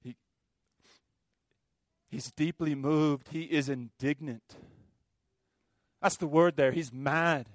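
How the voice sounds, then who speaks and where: A man preaching a sermon as a pastor, impassioned, with sharp swings from loud to quiet. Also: a little high, fairly even intonation, slow, long pauses, dry recording, studio quality.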